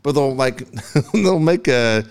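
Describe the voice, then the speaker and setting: A man in his forties co-hosting a show, telling stories in a casual, profane, animated way. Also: mid-range voice, takes it slowly, clean tone. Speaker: radio show co-host. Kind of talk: casual storytelling chat.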